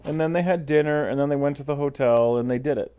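A man's voice: on the high side, fast talker, warm tone, clear, resonant tone. A man co-hosting a podcast in casual chat, sarcastic and dry, swearing freely. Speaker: podcast co-host. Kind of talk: casual chat recapping a TV show.

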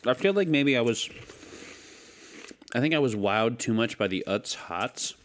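A man's voice: medium pitch, animated, measured pace, a bit bright, slight background noise. A man co-hosting a casual podcast chat, with dry, laid-back banter. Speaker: podcast co-host.

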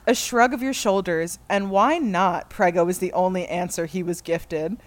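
A woman's voice: on the low side, fairly even intonation, normal speed, hardly any pauses. A woman reading fan fiction aloud to friends, often breaking into laughter as she goes. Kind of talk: comedic dramatic reading.

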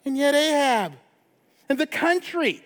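A man pastor preaching a sermon in a conversational way, often checking in with a quick "right?". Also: extremely high pitch, lively intonation. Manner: conversational preaching with frequent tag questions. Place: church sanctuary. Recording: long church reverb.

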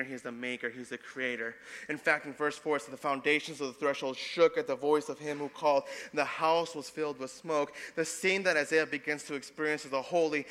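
A young adult pastor with a medium-pitched voice preaches a sermon, shifting between loud, emphatic passages and soft, hushed ones. A long reverb tail trails his words.

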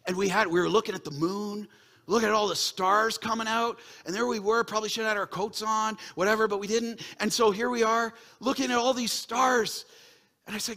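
A middle-aged pastor preaching to his church in a high, bright voice. He moves between hushed, earnest asides and loud, excited bursts. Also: fairly quick. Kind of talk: sermon.

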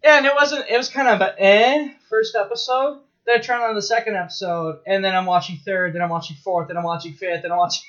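High-voiced rambling man, lo-fi. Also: fast, hardly any pauses. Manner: rambling, excitable storytelling with laughs and profanity. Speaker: podcast co-host. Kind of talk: casual chat.

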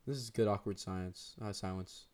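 A man's voice: deep voice, normal speed, a little mellow. Slangy, laughing teenage boy. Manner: slangy, laughs often, rambling. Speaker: podcast co-host. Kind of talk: casual chat between friends.

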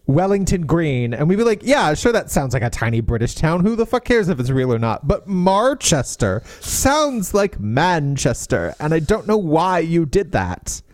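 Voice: medium pitch, sing-song, normal speed, few pauses, dry recording. A podcast co-host riffing sarcastically on a novel, their voice in the middle range but swinging widely as they mock the characters. The sound is dry and close, with no room around it. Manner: sarcastic, mocking asides, acts out characters. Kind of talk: casual chat recapping a romance novel.

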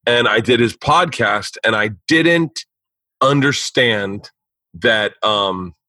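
A man hosting a podcast, telling a long story in an animated, profane way with plenty of restarts. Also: fairly low pitch, takes it slowly, no echo, poor audio. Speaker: podcast host. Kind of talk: casual storytelling chat. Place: indoor home studio.

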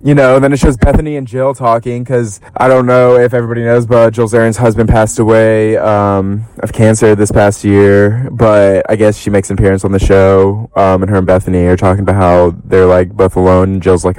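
A young man hosting a podcast, chatting about reality TV in a casual, animated way, full of fillers and swearing, with high-pitched bursts when he quotes people. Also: a little fast, few pauses, clean tone, no echo, poor audio. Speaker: podcast host. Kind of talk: casual gossip commentary.

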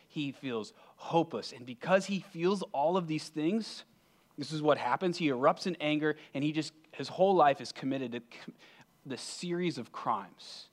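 A man preaching a sermon as pastor, earnest, swinging between emphatic and hushed delivery. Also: mid-range voice.

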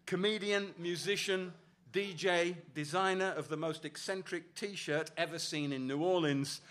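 A male host introducing a musical act to a live audience, crisp and building. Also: sits high, steady tone, measured pace, fairly bright tone.

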